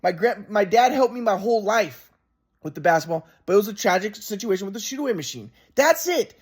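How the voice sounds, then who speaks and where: A man's voice: high-pitched, fast, husky. A man in a rambling, casual monologue, often restarting and repeating himself, frustrated and swearing.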